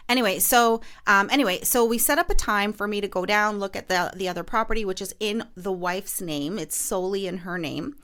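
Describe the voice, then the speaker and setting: A woman's voice: mid-range voice, fairly quick, few pauses, fairly bright tone, clean tone. A woman podcast host and realtor telling a story in casual chat, full of fillers and restarts. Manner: chatty, lots of fillers and restarts.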